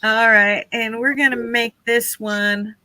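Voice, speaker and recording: A woman's voice: fairly high pitch, fairly even intonation, takes it slowly, sharp tone, dry recording, rough recording. A woman hosting a casual live stream, chatty and laughing often as she talks to her viewers.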